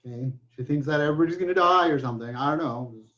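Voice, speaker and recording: A male math professor gives a recorded lecture, tossing in joking asides and saying "okay" a lot. His voice is a little high and fairly bright, he speaks very fast, and the recording is muffled.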